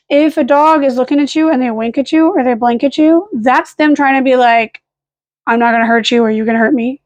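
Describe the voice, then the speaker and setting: A young woman with a high, light voice chats in a loose, rambling way, dropping casual swears as she talks to the camera at home late at night. The sound is close and dry, with no room echo. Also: a little mellow. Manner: rambling, swears casually, coos at her dogs. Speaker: vlogger. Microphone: camera on a fixed stand.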